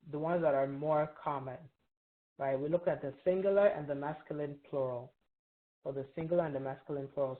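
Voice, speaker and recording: A woman with a low voice leads a grammar review class, pausing often to ask "right?" and draw answers from her students. Her voice comes through a narrow, tinny, phone-like line. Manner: patient, quizzes students, frequent "right?" checks. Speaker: Arabic teacher. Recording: tinny phone-like online call.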